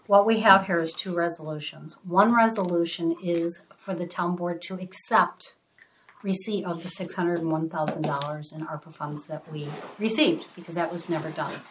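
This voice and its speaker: A woman's voice: lowish voice, fairly even intonation, moderate pace, slight background noise, rough recording. A woman who is a town finance official, explaining the budget step by step at a public meeting. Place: town board meeting room.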